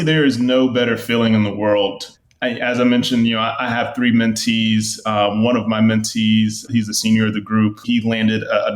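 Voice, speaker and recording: A man's voice: fairly low pitch, fairly bright tone. A young man sincerely describing mentoring in an interview, with frequent fillers. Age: young adult. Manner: sincere, uses many fillers. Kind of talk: interview answer. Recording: roomy echo.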